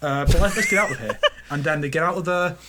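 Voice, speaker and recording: A man's voice: on the high side, fast talker, heavy background noise. A man co-hosting a casual gaming podcast, rambling through silly movie scenarios and acting out the characters in goofy voices. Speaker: podcast co-host.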